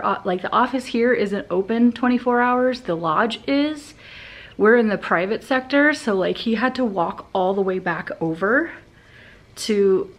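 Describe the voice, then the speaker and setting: A young woman vlogging casually, telling stories in a chatty way full of fillers. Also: mid-range voice. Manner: chatty storytelling, many fillers like "like". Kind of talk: casual vlog chat. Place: hotel room and outdoor path.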